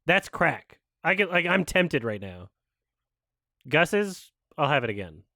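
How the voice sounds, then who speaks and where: A man's voice: a little high, very animated, takes it slowly, no echo, studio quality. A man chatting casually while streaming a watch-along, rambling and swearing, and saying he is sick. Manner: rambling, swearing, laughs loudly.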